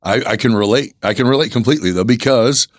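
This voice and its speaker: A man's voice: mid-range voice, fast talker, dry recording, clean studio sound. A man hosting a podcast, chatting casually and easygoing, swearing now and then and laughing often. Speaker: podcast host. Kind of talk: casual interview chat.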